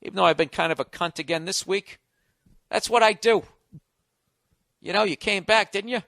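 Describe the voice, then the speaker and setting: A man's voice: sits high, normal speed, vocal fry, a bit bright, dry recording, clean studio sound. A middle-aged American man hosting a podcast, delivering a sarcastic, profane comedic rant. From United States. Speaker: podcast host.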